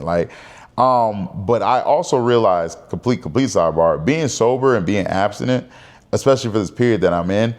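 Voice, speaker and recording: A man in his thirties talking candidly to camera in a casual personal vlog, rambling and conversational. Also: fairly low pitch. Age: 30s. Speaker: vlogger.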